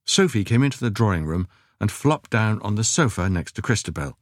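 In a dry, studio-quality recording, a man with a low voice reads scripted audiobook narration. His storytelling is measured and expressive.

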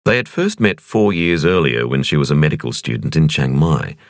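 Very deep, gravelly male audiobook narrator. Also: no echo. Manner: measured, expressive reading. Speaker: audiobook reader.

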